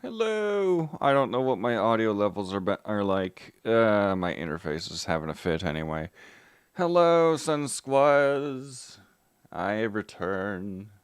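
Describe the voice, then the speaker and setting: A man's voice: lowish voice, animated, measured pace, smooth, no echo, studio quality. A man streaming live, greeting his chat by name and muttering to himself while he fixes his tech.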